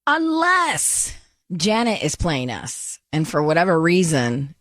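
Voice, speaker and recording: A woman's voice: deep voice, huge pitch swings, slow pace, fairly bright tone, no echo, studio quality. A woman co-hosting a morning radio show, chatting with a wry, skeptical manner. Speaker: radio co-host. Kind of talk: casual morning radio banter.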